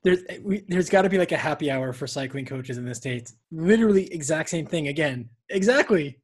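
Male podcast host, eager and chatty, slightly high, husky voice. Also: animated, a little fast. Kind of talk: casual interview chat.

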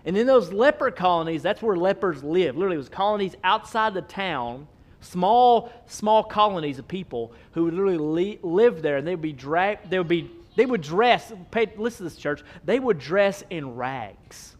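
High-voiced preacher man, emphatic. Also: lively intonation, moderate pace. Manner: emphatic, repetitive, rhetorical questions; casual, with filler likes. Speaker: pastor. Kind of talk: sermon.

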